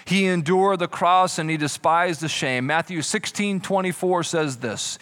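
A man preaching a sermon as pastor, lively, slipping into comic voices for imagined people. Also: on the high side, unhurried. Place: church.

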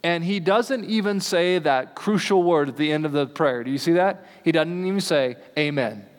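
A man preaching a sermon in a relaxed, conversational way, slowing down to stress key lines. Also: a little high. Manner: conversational preaching, slows for emphasis. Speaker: pastor. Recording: long hall reverb.

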